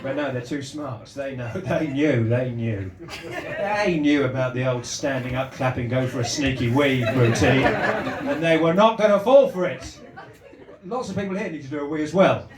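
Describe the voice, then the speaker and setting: A man's voice: mid-range voice, normal speed. A man doing stand-up crowd work, teasing the audience with rambling, stammering restarts in a live comedy club. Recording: echoey club, mic at a distance, loud noise.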